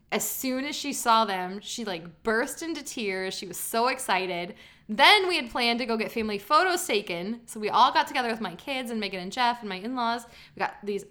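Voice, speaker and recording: A woman's voice: on the high side, bright, forceful tone. A woman co-hosting a podcast, chatting casually with a friend in a gushing, giggly way. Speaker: podcast co-host. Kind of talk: casual chat.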